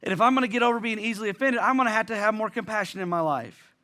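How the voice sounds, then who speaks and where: Male pastor, high bright voice; conversational sermon delivery, repeats lines for emphasis. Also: very fast.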